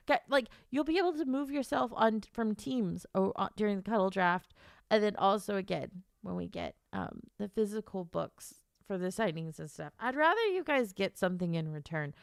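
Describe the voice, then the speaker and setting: A woman's voice: medium pitch, vocal fry, no echo, clean studio sound. A young woman streaming casually to her chat, teary and stuffed up, laughing through her tears and swearing.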